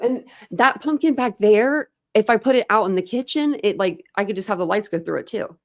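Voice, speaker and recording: Barely pausing, this American woman talks fairly quickly and with animation in a medium-pitched voice. She's hosting a true crime livestream at home, loosely chatting with viewers and hopping between topics with laughs and fillers, picked up by a desk camera setup.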